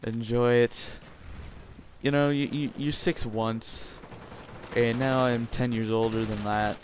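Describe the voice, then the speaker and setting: A man's voice: mid-range voice, steady tone, slow. A sixteen-year-old boy from Canada, rambling crudely and jokingly through casual gameplay commentary. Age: teens. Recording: game gunfire noise behind voice.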